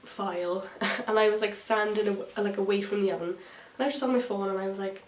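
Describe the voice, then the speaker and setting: This young woman speaks a little fast in a mid-range, fairly even voice as she applies makeup and chats through a story for her get-ready-with-me vlog, cursing freely. The room echoes, and she sits far from the mic, slightly off-axis.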